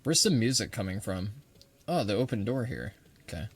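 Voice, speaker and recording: A man's voice: on the low side, very animated, normal speed. A man giving casual, joking let's-play commentary, swearing freely and reading in-game text aloud. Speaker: gaming video creator.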